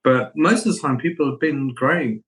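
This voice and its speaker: A man's voice: mid-range voice, normal speed, low-quality recording. Middle-aged male actor, interview guest, storyteller who acts out voices. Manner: animated anecdotes, acts out quoted voices.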